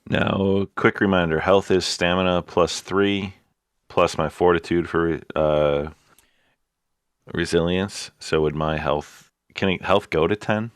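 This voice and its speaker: A man's voice: sits low, steady tone, slow pace, clean tone, dry recording, studio quality. A man playing a tabletop game, describing his moves and checking rules matter-of-factly. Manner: matter-of-fact rules talk. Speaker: player.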